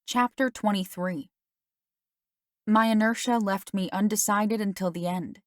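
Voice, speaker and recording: A woman narrating a first-person novel as an audiobook, in a steady storytelling manner. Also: mid-range voice, unhurried, dry recording, clean studio sound.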